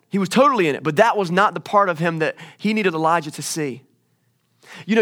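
Man, 40s, youth pastor, sermon, conversational, slightly high voice. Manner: conversational, switches between hushed and emphatic.

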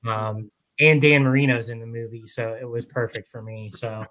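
Man, podcast panelist, casual chat, rambling, self-correcting, mid-pitched. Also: fairly even intonation, moderate pace, a bit bright, poor audio.

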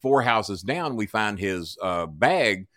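A man's voice: lowish voice, animated, slow pace, fairly bright tone, no room sound, studio quality. A man telling a long story as a podcast guest, swearing freely and acting out each person's lines. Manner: profane, acts out dialogue in voices. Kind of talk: animated storytelling.

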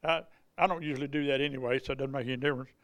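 A man's voice: medium pitch, fairly even intonation, very fast, fairly bright tone, dry recording. Folksy preacher man. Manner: folksy, conversational, repeats and restarts. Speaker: revival preacher. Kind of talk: testimony storytelling sermon.

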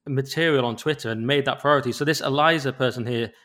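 A man's voice: mid-range voice, quick pace, fairly bright tone. A man co-hosting a podcast, talking casually and giving his opinions. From England. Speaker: podcast co-host. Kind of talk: casual chat.

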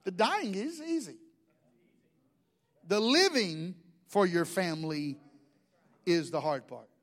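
High-voiced joking pastor. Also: male voice, lively intonation, slow pace, fairly bright tone. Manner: folksy, joking storytelling preacher. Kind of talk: sermon.

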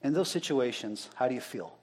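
A man's voice: mid-range voice, lively intonation, fairly quick, a little mellow, breathy edge. A male pastor giving an interactive sermon, talking casually and asking the congregation questions, then repeating their answers back.

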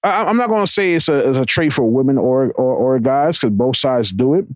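A man's voice: medium pitch, lively intonation, brisk, no echo. A man co-hosting a podcast in casual chat, rambling and profane with many restarts. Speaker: podcast co-host. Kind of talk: casual explicit podcast banter.

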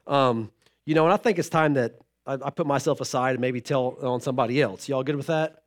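A man's voice: mid-range voice, a little fast. A middle-aged man preaching a sermon, telling a family story with humor and asides to the congregation. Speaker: pastor.

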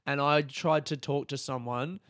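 A young man tells a comic story on his podcast, animated and swearing freely as he acts out the people in it. His voice sits at a middle pitch, and the recording is dry and close with no room sound. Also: measured pace, no echo. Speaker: podcast host. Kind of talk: comedic storytelling.

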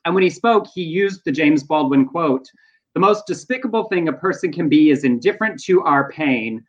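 A man's voice: a little high, lively intonation. Chatty man on dull lo-fi audio. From Texas. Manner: chatty, breezy, quick asides. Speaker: podcast co-host. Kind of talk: casual news chat.

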